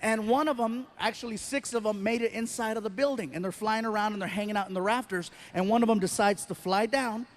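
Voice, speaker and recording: A man doing stand-up comedy, telling a story in an animated way and acting out the voices of the people in it. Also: high voice, fast talker, few pauses, a little hiss or hum.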